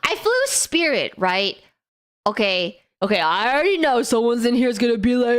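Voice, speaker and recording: A woman streamer telling a story to her chat in a casual, animated way, swearing a lot and bursting into quick rants and shrieks. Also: fairly high pitch, smooth. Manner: animated, exaggerated, lots of swearing; breathless rapid bursts with sudden shrieks.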